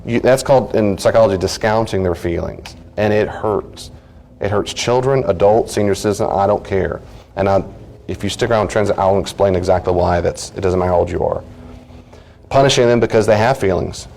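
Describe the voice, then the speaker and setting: A man, a counselor, teaching a marriage class in a lively, conversational way, breaking into quick acted-out bits of dialogue. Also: lowish voice, creaky, slight background noise. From United States. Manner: animated, acts out little dialogues in changed voices.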